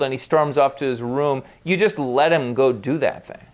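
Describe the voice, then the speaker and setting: A man in a casual podcast conversation, with a voice pitched a little above the usual for men. He talks frankly and bluntly, swears freely, and slips into little acted-out quotes as he makes his point. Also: expressive, normal speed, few pauses. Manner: frank and profane, acts out quoted dialogue. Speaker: podcast co-host.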